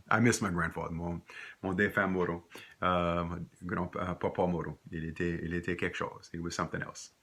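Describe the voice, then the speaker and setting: A man's voice: sits low, vocal fry, bright, forceful tone, slightly rough. A man teaching a recorded language lesson, rambling into anecdotes and switching between French and English.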